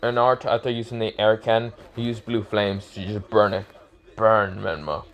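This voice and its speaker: A man's voice: lowish voice, fairly even intonation, normal speed. A young man casually telling an improvised fan story, rambling and correcting himself with many fillers.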